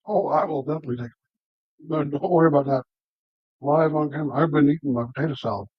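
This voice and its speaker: A man with a Midwestern American accent co-hosting a casual cooking show, joking and teasing, with loud reactions to the food. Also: on the high side, fast, no echo, muffled recording. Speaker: co-host.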